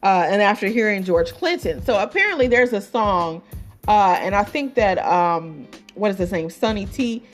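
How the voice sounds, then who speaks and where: A woman talks through an album review like a podcast host among friends. Her talk wanders with fillers and quick asides, at a middling pitch, with faint music underneath. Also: lively intonation. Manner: chatty, many fillers and asides, laughs at her own jokes. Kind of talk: casual album review chat.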